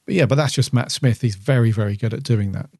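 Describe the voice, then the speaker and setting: A man's voice: mid-range voice, quick pace, gravelly, a little mellow, dry recording, clean studio sound. Rambling male podcast co-host. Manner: rambling, many fillers and restarts. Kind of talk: casual chat reviewing an episode.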